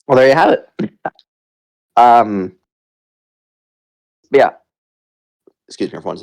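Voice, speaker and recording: A Canadian man hosting a casual community town hall, relaxed and jokey, rambling a little as he talks into a computer mic. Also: mid-range voice, slow, gravelly. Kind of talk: casual live audio chat.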